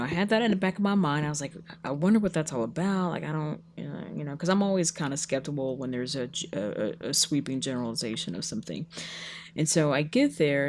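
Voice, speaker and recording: Low-pitched woman host, lively casual storyteller, faint hum behind. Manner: animated storytelling, acts out quoted people. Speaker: podcast co-host. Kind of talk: casual chat.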